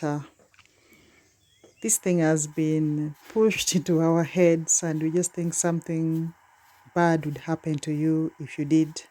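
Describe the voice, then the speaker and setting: A woman's voice: deep voice, dark tone. A woman vlogging from village life, talking casually and straight to her viewers. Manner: chatty, speaks straight to viewers.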